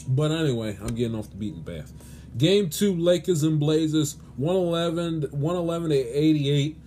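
A man's voice: on the high side, expressive, moderate pace, dark tone, a little hiss or hum. Exasperated man pleading in a sports rant. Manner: exasperated, pleading, many restarts and stammers. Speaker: sports podcast host. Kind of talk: solo sports commentary rant.

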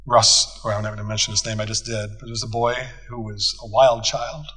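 A man's voice: fairly low pitch, flat delivery, a little fast, pushed and bright, slightly rough, rough recording. A man, a pastor, teaching a church conference group in a folksy, storytelling way, acting out bits of dialogue. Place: conference hall.

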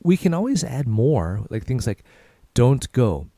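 Casual man teaching phrases, warm lively voice. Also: mid-range voice, no room sound. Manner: repeats phrases slowly, then faster. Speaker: podcast host and Korean teacher. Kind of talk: casual language lesson.

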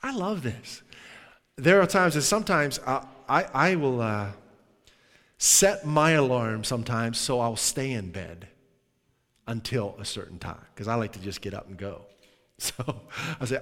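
A man preaching in a conversational, animated way, sometimes dropping to a hushed tone. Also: medium pitch, normal speed. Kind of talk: sermon. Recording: long hall reverb.

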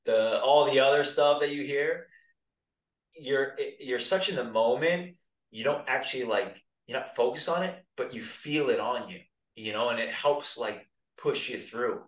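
A man in his thirties, American and formerly a pro soccer player, is the guest in an easygoing interview chat. His voice is mid-range and unhurried, and he rambles in a relaxed manner. A distant mic gives the audio a roomy feel.

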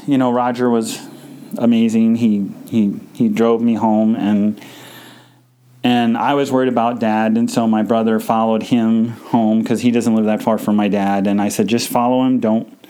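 A man hosting a podcast, telling a personal story in a halting, emotional way with many restarts, grieving and tearful. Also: mid-range voice, dark tone, clean tone. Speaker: podcast host.

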